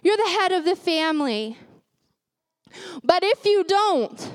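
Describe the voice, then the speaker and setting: Brief: young woman preacher, high voice, dry close sound, emphatic repeats. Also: big pitch swings, slow, pauses often, dry recording. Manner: emphatic, repeats key phrases, laughs at herself. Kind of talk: sermon.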